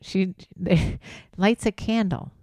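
Blunt middle-aged mom on a dry mic. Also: female voice, mid-range voice, extremely slow, a little mellow, no echo. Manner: blunt, frank. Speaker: podcast co-host, mother. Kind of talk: casual chat.

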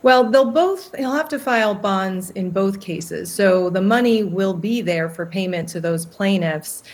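A woman giving legal analysis in a news interview, measured and explanatory. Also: medium pitch.

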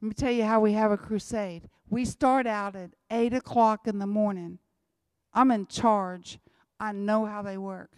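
A woman's voice: medium pitch, steady tone, measured pace, clear, resonant tone, no room sound, studio quality. A woman, giving an emphatic church talk about mission work and repeating her key lines. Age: 60s. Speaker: missionary speaker.

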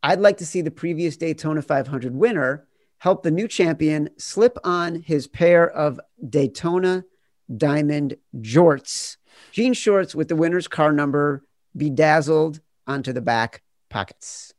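A man hosting a podcast quiz game, blunt and quick to swear. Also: on the high side, a little mellow, no echo, clean studio sound. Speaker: game show host.

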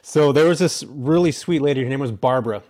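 Man, interview guest, quick pace, chatty, lots of fillers. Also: medium pitch, mellow. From California. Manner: fast, chatty storyteller with many fillers. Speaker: guest, real estate investor. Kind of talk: casual interview talk.

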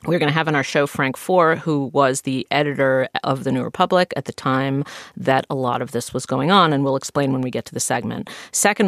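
A woman's voice: low-pitched, no room sound, studio quality. A woman hosting a podcast in casual chat, sounding nasal and stuffy from a cold, chatty with lots of fillers. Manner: chatty, laughs easily, many fillers. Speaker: host. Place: studio.

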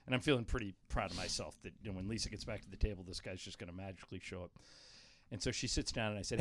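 A man's voice: racing, fairly bright tone, dry recording. A man hosting a radio show, chatting casually with co-hosts and telling stories full of quoted dialogue. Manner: storyteller, quotes others in low voice. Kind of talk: casual studio banter.

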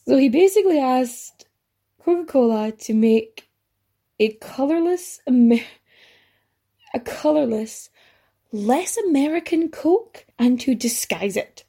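A chatty woman hosts a history podcast, telling her story with loose asides and the odd swear word. Her voice sits a bit high, with a mellow, darker tone and a husky edge. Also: expressive, slow, long pauses. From Ireland. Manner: chatty and rambling, swears casually, frequent fillers and asides. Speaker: podcast host.

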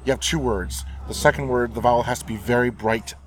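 A choir singer talking through diction in a halting, thoughtful way, laughing between thoughts. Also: male voice, mid-range voice, background noise. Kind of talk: casual chat. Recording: distant mic with crowd around.

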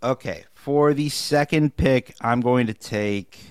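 A man co-hosting a podcast, talking casually with wry deadpan asides and frequent laughter. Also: mid-range voice, takes it slowly, clear, resonant tone, no echo, clean studio sound. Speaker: podcast co-host. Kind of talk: casual chat.

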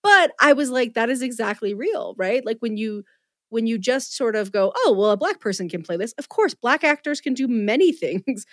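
A woman hosting a podcast, chatting casually with quick asides and self-deprecating jokes. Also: a little high, expressive, fairly bright tone, no room sound, clean studio sound. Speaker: podcast host.

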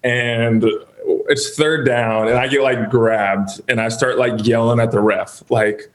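Guy athlete on a podcast, mid-pitch voice, relaxed, laughs along. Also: measured pace, slight background noise, poor audio. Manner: easygoing, laughs along, storytelling. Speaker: guest, pro football player. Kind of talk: casual podcast interview.

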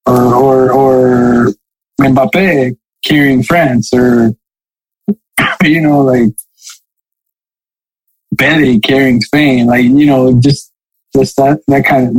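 A man's voice: mid-range voice, husky, dry recording, low-quality recording. A man co-hosting a casual soccer podcast, rambling with lots of fillers and dry sarcasm. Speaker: podcast co-host.

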